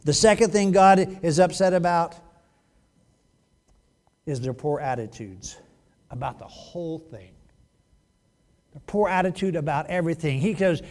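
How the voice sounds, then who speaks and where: A male pastor preaching a sermon in an animated, joking way, acting out quotes as he goes. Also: on the high side, unhurried, long pauses.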